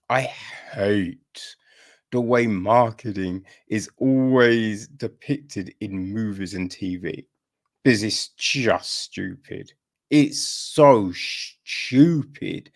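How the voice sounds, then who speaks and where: A man talks through a film review for a podcast in a loose, rambling way, full of restarts and exasperated asides. His voice carries a gravelly rasp, his delivery is slow and drawn out, and his pitch rises and falls a lot. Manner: rambling, exasperated, lots of fillers and restarts, mocking quoted voices. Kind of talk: casual spoken film review.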